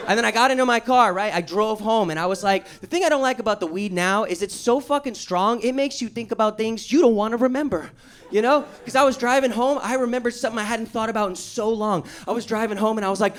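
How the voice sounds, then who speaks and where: A young man doing a stand-up comedy set before a live audience, excitable and swearing, acting out his own panic in a raised voice. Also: extremely high pitch, fast talker, gravelly. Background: audience laughter.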